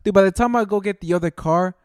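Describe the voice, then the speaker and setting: A man's voice: high voice, quick pace, darkish tone, clean tone, no echo, studio quality. A young man telling a long story in casual chat, rambling and saying "dude" constantly, often laughing at himself.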